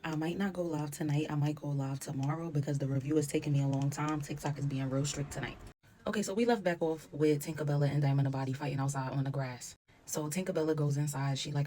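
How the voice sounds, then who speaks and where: Deep-voiced woman ranting about a reality show, blunt, cusses a lot. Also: fairly even intonation, quick pace, warm tone. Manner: opinionated, blunt, swears freely. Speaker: reality TV reviewer. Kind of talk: casual commentary.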